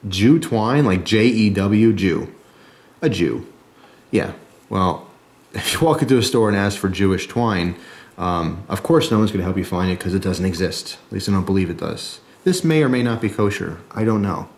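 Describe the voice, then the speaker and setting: Jersey-accented guy, lowish voice, easygoing gear-demo host who chats and jokes as he goes. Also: fairly quick. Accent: New Jersey. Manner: chatty, jokey asides, frequent "okay?" and "right?". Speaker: survival video host. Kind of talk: casual show-and-tell talk.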